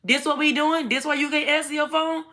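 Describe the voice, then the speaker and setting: A woman acting out a furious woman who bursts in with shrill, accusing questions. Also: steady tone, a little fast, background noise, natural voice. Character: furious confronting woman, an ex-partner.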